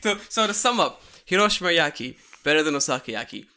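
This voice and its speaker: A young man hosting a podcast, chatting casually, excitable, swearing freely and laughing often. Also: fairly high pitch, quick pace, clear, resonant tone. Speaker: podcast host. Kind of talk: casual chat.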